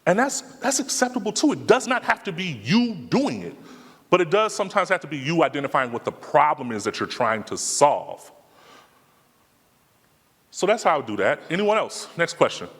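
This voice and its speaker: A man's voice: on the high side, fairly bright tone. A man speaking casually in slang, answering audience questions at a live talk. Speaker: conference speaker. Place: conference hall. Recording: long hall reverb.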